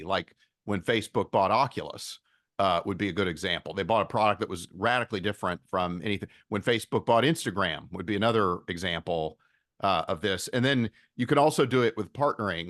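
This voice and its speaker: A man, a venture investor guest on a podcast interview, explaining ideas in a steady way and often repeating his opening words. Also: fairly low pitch, dry recording, studio quality.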